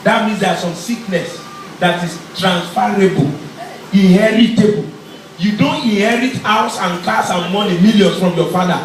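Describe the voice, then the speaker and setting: A male pastor preaching a fervent, repetitive sermon, often shouting his lines. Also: high-pitched, normal speed. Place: large church tent. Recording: very echoey, distant mic, crowd and noise.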